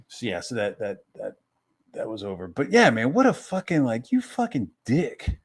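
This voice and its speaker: A man's voice: mid-range voice, wildly swooping pitch, normal speed, slightly rough. A man casually telling a rambling personal story, swearing freely and often restarting his sentences. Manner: rambling, profane, self-interrupting. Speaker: streamer.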